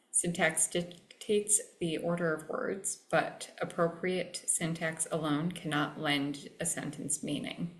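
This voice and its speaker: A woman giving a scripted presentation on sentence structure and meaning, reading deliberately from prepared notes. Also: low voice, rough recording. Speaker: student presenter.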